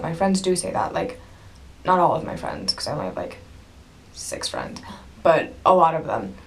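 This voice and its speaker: A young woman vlogging casually to camera, gushing and rambling with lots of "like" and "literally". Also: on the low side.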